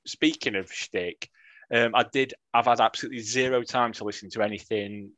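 A man's voice: on the low side, fairly even intonation, moderate pace, fairly bright tone, dry recording. A man co-hosting a podcast, chatting and joking with many restarts. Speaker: podcast co-host. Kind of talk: casual chat.

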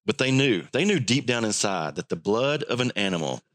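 A man's voice: on the low side, a little fast. A man preaching a sermon, acting out the voices of the people he quotes. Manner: animated, acts out quoted voices. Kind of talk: sermon teaching.

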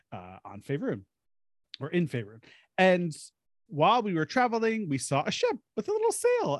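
A man hosting a casual podcast, telling a story from his tabletop game. His pitch moves around a lot as he tells it. The recording is dry and close. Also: no room sound. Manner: animated, chatty storyteller. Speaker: podcast host.

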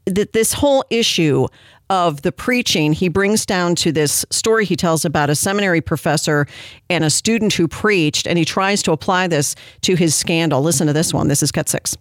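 A woman's voice: on the low side, normal speed, no room sound, clean studio sound. Sarcastic, indignant woman commentator. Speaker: commentary show host. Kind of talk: critical commentary on played clips.

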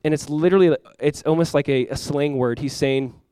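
A young man preaching a sermon as a pastor, conversational and animated, acting out quotes and laughing often. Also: a little high, fairly quick, clear, resonant tone, no echo.

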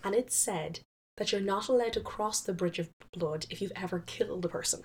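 A woman casually retelling a folktale, chatty, with fillers and quick self-corrections. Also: mid-range voice. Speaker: storyteller.

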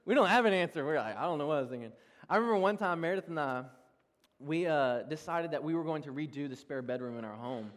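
A young man preaches a sermon, mixing self-deprecating anecdotes with laughter and lively delivery. His voice sits a little high for a man. It rings out with a long reverb through a large church hall. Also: quick pace. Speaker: pastor. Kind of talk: sermon with personal stories.

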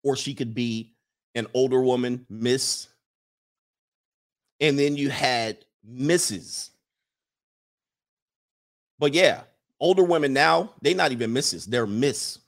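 Speaking slowly with long pauses in a mid-range voice, this American man delivers a casual, comic rant to his stream audience, preaching and reading out viewer comments.

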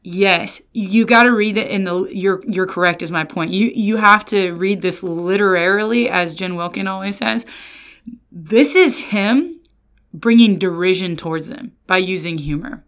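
A woman pastor giving a casual Bible lesson, lively and often slipping into sarcastic quoted voices. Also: medium pitch, normal speed. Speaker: pastor and resident theologian.

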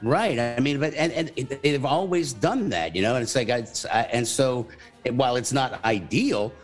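A man co-hosting a casual sports radio show, talking in a playful, animated way. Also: medium pitch, moderate pace, soft background music. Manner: animated, playful, slips into mock old-time announcer voices. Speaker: radio co-host.

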